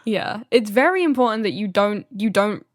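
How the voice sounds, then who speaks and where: A woman's voice: medium pitch, animated, moderate pace, no echo. An English woman co-hosting a podcast, trading dry, laughing comedic banter. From England. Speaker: podcast co-host. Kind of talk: casual comedic chat.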